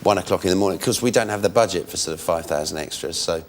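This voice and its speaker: A man in his late thirties, a comedian guest on a chat show, talking jokily and slipping into character voices. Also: fast talker. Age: 30s. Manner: jokey, slips into squeaky character voices. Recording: TV studio with audience.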